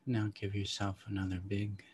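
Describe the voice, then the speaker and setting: Male meditation guide, very low voice, calm and unhurried, long pauses. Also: slight background noise. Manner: slow, calm, soft-spoken with long pauses.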